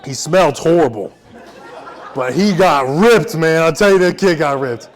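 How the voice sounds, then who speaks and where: A young man telling a personal story on stage, intense, swinging from loud shouting to hushed quiet. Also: a little high, normal speed, some chatter behind. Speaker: veteran storyteller.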